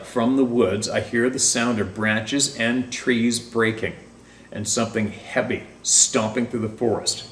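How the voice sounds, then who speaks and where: A man narrating a first-person encounter story in a tense, dramatic way, sometimes dropping to a hush. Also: lowish voice, steady tone, takes it slowly, slight background noise. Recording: roomy, distant mic with faint ambience.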